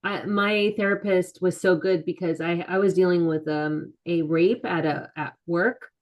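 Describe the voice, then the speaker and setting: A woman on an interview podcast talks through her own past with many pauses and restarts. Her voice sits a little low, and she often slips into quoting the people around her. She sounds middle-aged and speaks candidly. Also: fairly even intonation, highs cut off. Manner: soft-spoken, halting, many restarts and quoted asides. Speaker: guest, author and mental health advocate. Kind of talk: candid personal storytelling in an interview.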